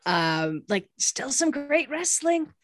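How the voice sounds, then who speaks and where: A woman's voice: high-pitched, sing-song, takes it slowly, no room sound. A woman co-hosting a wrestling podcast, talking casually in a rambling way with many fillers and restarts. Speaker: podcast co-host. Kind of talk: casual chat.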